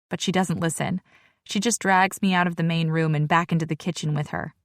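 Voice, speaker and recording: Woman, audiobook narrator, first-person romance, sassy, lowish voice, dry sound. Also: fairly quick, no room sound. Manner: sassy, expressive.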